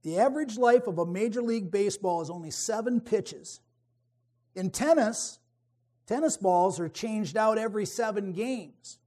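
A man preaching a sermon, emphatic, swinging between forceful peaks and quiet, wry asides. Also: sits high, moderate pace.

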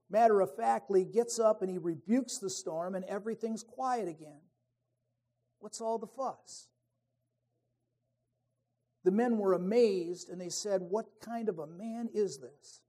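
A man with a high, warm voice preaches a sermon conversationally, frequently restarting phrases and adding asides. He also reads scripture aloud.

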